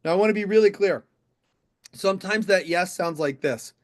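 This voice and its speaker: A middle-aged man, a motivational speaker, telling an animated story on stage and speaking straight to a live audience. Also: sits high, moderate pace. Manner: animated, addresses the audience directly.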